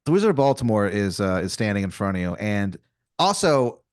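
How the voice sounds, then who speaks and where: A man's voice: on the low side, big pitch swings, a little fast, no echo, clean studio sound. A man improvising a comedy story on a podcast, casual and profane, rambling with fillers. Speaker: podcast co-host.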